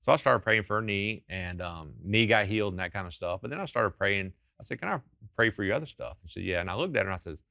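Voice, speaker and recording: A man's voice: low-pitched, gravelly, no room sound, dull audio. A man telling faith stories as a guest in a TV interview, fervent and earnest. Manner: fervent storytelling, quick and earnest. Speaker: ministry founder and guest. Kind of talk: testimony in a TV interview.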